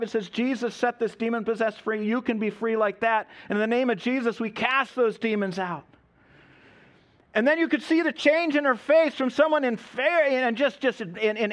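A man preaching, telling a mission story and acting out the voices of the people in it. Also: very high voice. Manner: animated storyteller, acts out quoted voices. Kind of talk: sermon storytelling.

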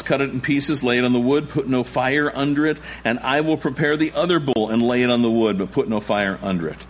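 Animated male preacher with lively pitch. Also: slight background noise. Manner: animated, acts out the Baal prophets in high shouting voices; conversational asides with chuckles. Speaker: pastor. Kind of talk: expository sermon.

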